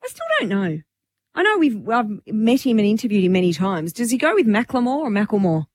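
A woman's voice: on the high side, sing-song, a little fast, no room sound. Chatty woman radio host. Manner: chatty gossiping storyteller. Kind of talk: casual radio chat.

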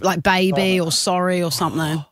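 A woman's voice: fairly low pitch, fairly even intonation, moderate pace, dry recording, clean studio sound. An Australian woman hosting a radio show, bossy and playful, laughing often as she runs the segments. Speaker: radio host. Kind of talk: breakfast radio banter. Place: radio studio.

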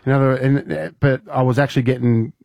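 A man's voice: mid-range voice, level tone, fast, darkish tone, no echo, studio quality. A young Australian man hosting a casual radio show, telling rambling stories and laughing often. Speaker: radio host. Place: radio studio.

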